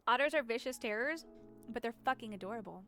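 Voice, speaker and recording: A woman's voice: on the high side, animated, fast, pushed and bright, soft background music. A woman streamer chatting casually and rambling while she plays, often giggling. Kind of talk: casual chat while gaming.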